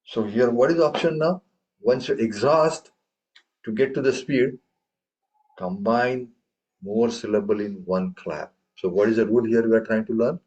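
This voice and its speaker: A man's voice: fairly low pitch, moderate pace, a little mellow. Guy teaching a class, chants beat syllables, keeps asking if everyone gets it, dull lo-fi sound. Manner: recites rhythm syllables aloud and quizzes the class. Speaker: tabla teacher. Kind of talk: classroom lesson.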